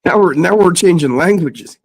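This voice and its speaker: A man's voice: high voice, normal speed, no room sound, poor audio. A man joining a casual chat on a livestream, making dry, teasing remarks.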